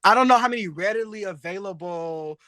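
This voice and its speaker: A man co-hosting a drag and pop culture show, chatting in a sassy, animated way and laughing often. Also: high-pitched, a little fast. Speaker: podcast co-host. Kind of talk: casual chat.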